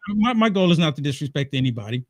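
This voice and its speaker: A man talking as a guest in a casual political chat, earnest and measured. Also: a little high, very animated, dry recording.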